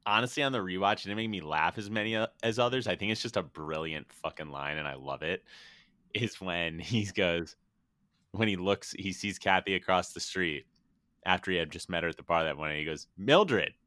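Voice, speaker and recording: Man, podcast co-host, very low voice, bright tone, dry sound, laughs a lot. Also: brisk, no room sound. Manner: laughs often, gushing. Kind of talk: casual chat.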